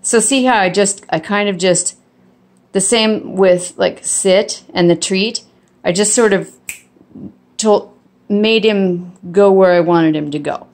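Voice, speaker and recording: A woman's voice: medium pitch, slow pace. A woman filming on a handheld phone in her home kitchen, casually showing dog training with a chatty, rambling delivery full of restarts and ums. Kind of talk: casual home video demonstration. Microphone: phone held in hand.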